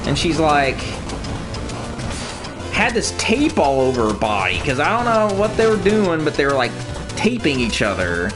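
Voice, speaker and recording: A man's voice: fairly high pitch, wildly swooping pitch, normal speed. A man ranting to his viewers in casual, profane talk, telling stories with mocking impressions. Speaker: streamer. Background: video game music.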